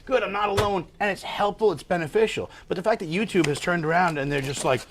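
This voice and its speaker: A man's voice: a little high, lively intonation, fast, slight background noise. A man hosting a podcast who is from Long Island, talking in a loose, rambling, profane way and often putting on other people's voices. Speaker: podcast host and tattoo artist. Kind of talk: casual podcast chat.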